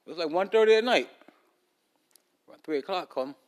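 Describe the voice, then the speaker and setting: A male podcast host with a high, animated voice tells a long story at a brisk clip, rambling casually with lots of fillers and restarts while talking around a loose tooth.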